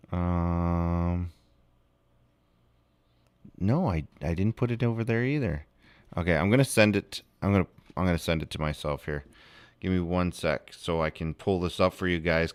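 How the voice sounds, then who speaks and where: A man hosting a casual livestream, rambling and excitable, swearing often and breaking into animated outbursts. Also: deep voice, smooth, no room sound. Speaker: livestream host.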